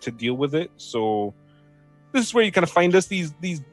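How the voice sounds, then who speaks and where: A man's voice: on the high side, big pitch swings, normal speed, soft background music, voice pushed up. A man voicing a jittery, nervous young woman clerk who stammers and apologizes.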